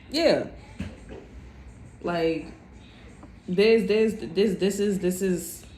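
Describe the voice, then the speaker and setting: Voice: medium pitch, darkish tone. Tarot reader, blunt and profane, chatty, talks right to the viewer, roomy echo, faint hiss. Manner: direct address to viewers. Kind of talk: casual tarot reading monologue. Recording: echoey room.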